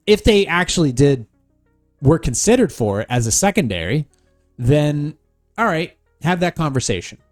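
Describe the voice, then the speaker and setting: A man hosting a solo podcast, giving blunt, sarcastic advice full of swearing. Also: a little high. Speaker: podcast host.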